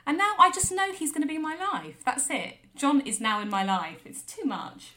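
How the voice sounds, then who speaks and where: A woman's voice: high voice, sing-song, normal speed, sharp tone, a little hiss or hum. A woman co-hosting a comedy podcast, telling a rambling anecdote with lots of voiced quotes. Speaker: podcast co-host. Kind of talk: comic storytelling chat.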